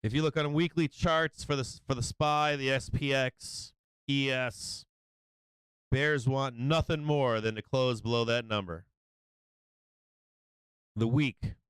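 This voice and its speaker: Excitable, profane man calling the market. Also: mid-range voice, a little slow, pauses often, clean tone, no echo, rough recording. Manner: excitable, profane, repeats himself. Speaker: livestream market commentator. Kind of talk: casual live trading commentary.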